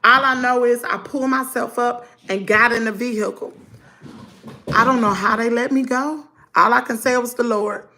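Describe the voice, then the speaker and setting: A middle-aged woman, telling her viewers a story in a lively storytime chat. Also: fairly high pitch, normal speed, a little hiss or hum. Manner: animated, talks to viewers as y'all. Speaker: vlogger.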